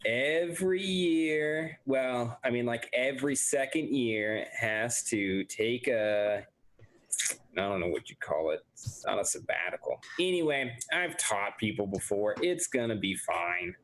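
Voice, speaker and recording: A man's voice: mid-range voice, lively intonation, measured pace, a bit bright. A man playing a tabletop game who laughs often and thinks aloud. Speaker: player.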